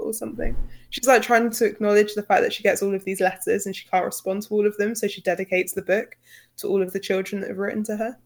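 A woman with a British accent co-hosting a casual book podcast, talking in a relaxed, thoughtful way with frequent "like" fillers. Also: mid-range voice, fast talker.

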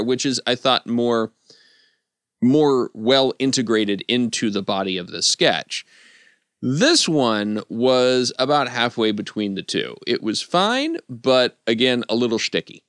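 Wry, smooth-voiced man in dry studio. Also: medium pitch, lively intonation, measured pace, a bit bright, no room sound. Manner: wry, analytical, dry humor. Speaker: podcast panelist. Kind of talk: casual podcast discussion.

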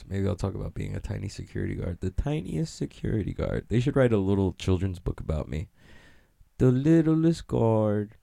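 A man's voice: lowish voice, vocal fry, warm tone, no echo, studio quality. A young man rambling through a profane, self-mocking comedic monologue, laughing at his own jokes.

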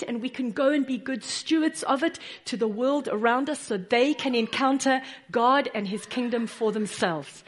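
With a slightly high voice, a woman preaches earnestly, swinging between firm proclamations and gentle, pleading passages.

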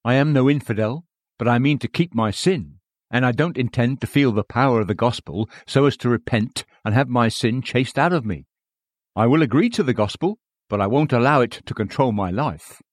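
A stubborn sinner makes excuses in a defiant tone, read out by a man giving a sermon. The voice sits in a middle male pitch. The sound is dry and close. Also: moderate pace, no room sound, close to an everyday voice. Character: stubborn male sinner clinging to his sin.

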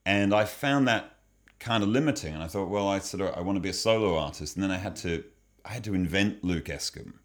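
A man's voice: low voice, brisk. A man, a children's musician and comedian, talking as an interview guest, thoughtful and often restarting sentences. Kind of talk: casual interview chat.

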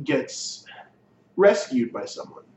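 A man co-hosting a podcast, recapping a show in casual chat and acting out characters' lines in quick asides. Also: medium pitch, big pitch swings, mellow. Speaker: podcast co-host. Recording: echoey, distant, dull lo-fi room mic with faint noise.

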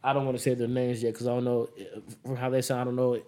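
Young man, podcast host, quick talker, slangy, laid-back, casual chat. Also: mid-range voice, level tone, dark tone. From Las Vegas.

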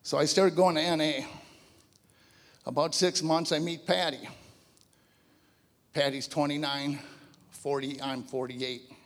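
A man in his fifties giving a personal testimony to a church audience, telling his story in an animated, conversational way. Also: on the high side, measured pace, long pauses, long reverb tail. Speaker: guest speaker giving a testimony. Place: large church hall before a live audience.

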